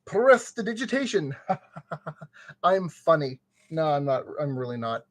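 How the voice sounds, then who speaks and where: A man's voice: fairly high pitch, big pitch swings, takes it slowly. A man streaming as he builds a kit, muttering to himself with playful, goofy made-up exclamations, sweaty in the summer heat. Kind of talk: casual live-stream commentary.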